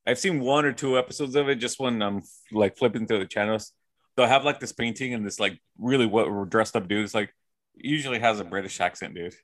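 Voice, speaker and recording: A man co-hosting a casual podcast, animated and laughing, with "dude" in every other sentence. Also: lowish voice, brisk. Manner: animated, says "dude" a lot, laughs often. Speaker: podcast co-host. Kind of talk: casual chat.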